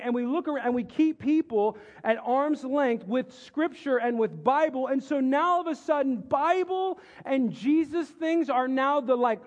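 A man's voice: extremely high pitch, normal speed, hardly any pauses. A male pastor preaching a sermon in a church, talking in a casual, joking way and teasing the congregation. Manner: conversational, joking, teases the congregation. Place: church sanctuary. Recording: dull lo-fi sound with long hall reverb.

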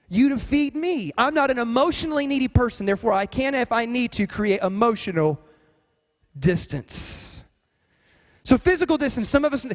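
A man with an unusually high voice delivers a sermon from the pulpit. He leans on repetition and emphatic phrasing. His words ring out into a long, echoing church hall. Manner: emphatic, repetitive preaching cadence. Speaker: pastor.

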